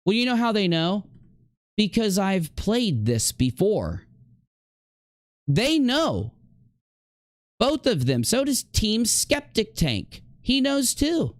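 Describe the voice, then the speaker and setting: A man's voice: sits high, wildly swooping pitch, takes it slowly, long pauses, no room sound, clean studio sound. A man streamer in a heated livestream rant, confrontationally addressing a rival directly.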